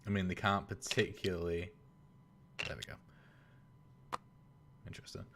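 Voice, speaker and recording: Very low-voiced man hosting a game stream. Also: flat delivery, moderate pace, gravelly, a bit bright, slight background noise. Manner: casual, rambling, many filler sounds. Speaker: tournament host and commentator. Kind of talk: live stream game commentary.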